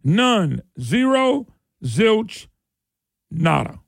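A man hosts a political talk radio show, sarcastic and folksy as he rails on. His voice sits high and carries a gravelly fry. The studio sound is dry and close. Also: sing-song, extremely slow, dry recording.

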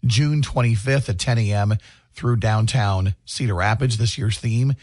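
A man's voice: on the low side, measured pace. A man co-hosting a morning radio show, joking and laughing often as he reads promos and chats with his co-host in the studio. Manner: jokey, laughs often, animated delivery. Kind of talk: upbeat radio banter. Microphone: studio microphone.

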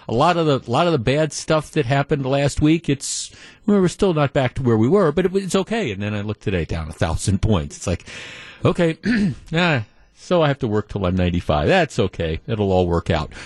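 A man's voice: lowish voice, a little mellow, dry recording. A middle-aged man hosting a talk radio show, telling a story in a conversational, sardonic way with frequent restarts.

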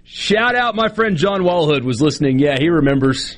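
A man's voice: on the high side, expressive, normal speed, few pauses. A man, co-hosting a sports radio show in casual, joking banter. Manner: joking, self-deprecating banter.

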